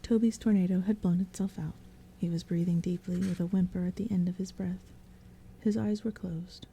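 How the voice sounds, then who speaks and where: A woman reading a novel aloud as a soft-spoken bedtime story, in a soft, breathy half-whisper. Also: on the low side, steady tone, moderate pace, a little hiss or hum, low-quality recording. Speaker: audiobook reader. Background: soft rain and thunder.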